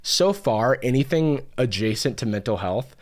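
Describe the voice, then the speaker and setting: A man's voice: medium pitch, expressive, moderate pace. A man giving sarcastic, mocking commentary as a host, often laughing between remarks. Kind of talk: comedic reaction commentary.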